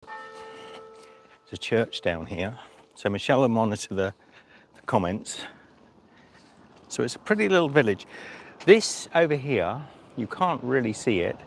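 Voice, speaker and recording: A cycle-touring vlogger rambles jokily on a phone live stream at an outdoor rest stop, holding the phone himself. His mid-range, gravelly voice swings widely in pitch and moves a little slowly, with long pauses, restarts, and a little hiss or hum.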